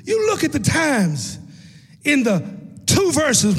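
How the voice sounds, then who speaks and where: A man preaching a sermon as pastor, dropping to low murmurs and rising to shouted, half-sung peaks. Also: huge pitch swings, slow, vocal fry, big-room sound.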